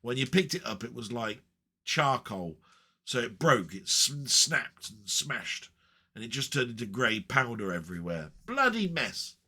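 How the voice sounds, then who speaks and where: Male vlogger, bright voice, mid pitch, loose rambling delivery. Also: very animated, a little slow, breathy edge. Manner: rambling, chatty, frequent ums and asides. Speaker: retro gaming vlogger. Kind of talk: casual rambling chat.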